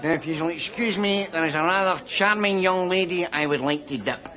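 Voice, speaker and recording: A cocky Glasgow drinker. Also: male voice, high voice, moderate pace, pushed and bright, a faint crowd. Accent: Glaswegian. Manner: boastful, leering. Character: boastful middle-aged Glasgow drinker, cocky. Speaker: sitcom character. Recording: studio audience laughter behind.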